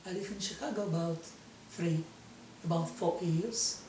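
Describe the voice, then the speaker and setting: A Russian woman in her fifties speaks slowly in a low voice, with a strong Russian accent and halting English. She sits back from the microphone in an echoey room, with a faint hiss underneath. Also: warm tone, distant mic. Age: 50s. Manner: halting non-native English, slow, many restarts. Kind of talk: personal monologue to camera.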